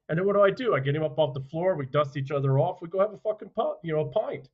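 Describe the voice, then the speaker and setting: A man speaking as a podcast guest, telling stories bluntly and forcefully, with profanity and rhetorical questions. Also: fairly high pitch, animated, quick pace, lo-fi sound. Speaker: podcast guest, author and former soldier. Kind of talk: forceful conversational storytelling.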